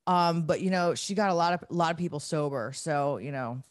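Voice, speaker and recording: A woman hosting a podcast talks candidly and cracks jokes, laughing often. Her voice sits on the low side for a woman. The sound is close and dry, with no room in it. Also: a little fast, no room sound. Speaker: podcast host. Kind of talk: casual chat.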